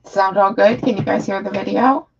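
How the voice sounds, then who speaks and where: Woman, live streamer, casual rambling chat, frustrated, gravelly, dull lo-fi audio. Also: mid-range voice, normal speed, music in the background. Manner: frustrated, rambling with many fillers.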